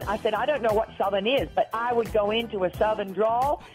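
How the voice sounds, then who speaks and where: A woman from Australia with an Australian accent, calling in and telling rambling, animated stories in casual chat. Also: mid-range voice, brisk, faint music behind, low-quality recording. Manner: chatty, rambling, animated storytelling. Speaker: caller.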